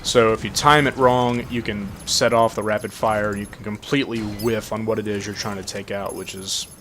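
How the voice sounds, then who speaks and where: A man casually commenting on a game while he plays, matter-of-fact and relaxed. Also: on the low side, brisk, slight background noise. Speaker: gameplay commentator.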